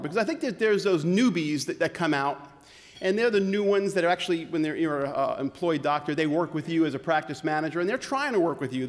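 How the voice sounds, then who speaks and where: A man giving a comedic keynote talk as a physician, with a sarcastic, punchy delivery, laughter from the audience now and then. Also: fairly high pitch. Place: conference hall. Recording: long hall reverb.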